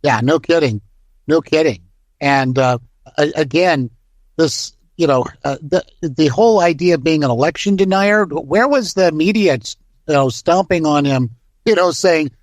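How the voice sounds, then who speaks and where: A man's voice: fairly high pitch, normal speed, no echo. An American man co-hosting political talk radio, casual and folksy with many fillers. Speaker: radio co-host.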